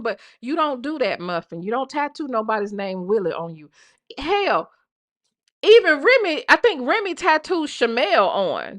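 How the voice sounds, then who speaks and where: Woman, live stream host, bright forceful tone, profane casual gossip delivery. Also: high voice. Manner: blunt, profane, repeats "okay?". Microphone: live stream mic.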